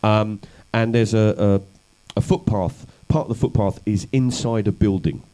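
Low mellow-voiced man telling stories. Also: normal speed, rough recording. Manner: anecdotal, wry, self-deprecating. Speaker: comedian and activist guest. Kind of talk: conversational storytelling interview.

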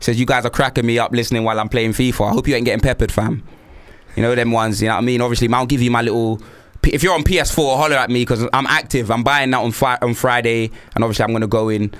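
A young man co-hosting a radio sports show, in casual slang-heavy banter with drawn-out phrases. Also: mid-range voice, clear, resonant tone.

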